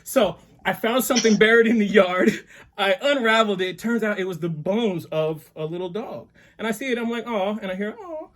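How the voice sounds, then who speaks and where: A man doing an animated stand-up set over a video call, laughing along with his own jokes. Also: sits high, fairly quick. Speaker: stand-up comedian.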